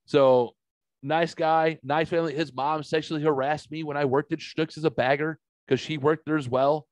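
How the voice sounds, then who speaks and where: A man's voice: fairly high pitch, fairly even intonation, normal speed, no echo. A middle-aged man from the St. Louis area, hosting a podcast and telling a story in casual, profanity-filled chat. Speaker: podcast host.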